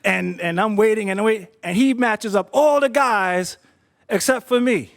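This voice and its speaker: A man's voice: high-pitched, normal speed, gravelly. A man telling a personal story to an audience, conversational and doubling back on his words. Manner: conversational, repeats words while thinking.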